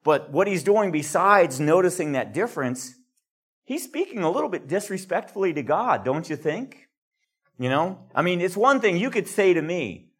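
An older man with a husky, slightly high voice teaches a Bible lecture to a class at normal speed. He's earnest, and he livens up when he reads quotes aloud.

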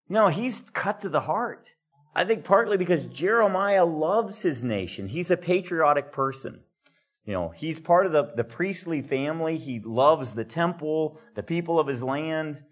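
A man's voice: a little high, measured pace. Earnest older man teaching scripture. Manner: earnest, animated when reading out quotes. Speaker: Bible teacher. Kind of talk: classroom Bible lecture.

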